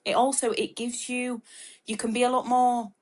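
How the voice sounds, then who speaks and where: A woman's voice: on the high side, level tone, normal speed. A woman, a marketing expert guest on a webinar, answering casually and thinking aloud with lots of fillers and restarts. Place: video call webinar.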